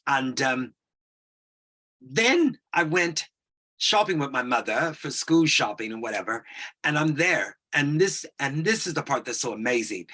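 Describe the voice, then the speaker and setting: Husky, bright-voiced man in his 60s. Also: mid-range voice. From United States. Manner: animated, acts out voices in his stories. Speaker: guest. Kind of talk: anecdotal storytelling.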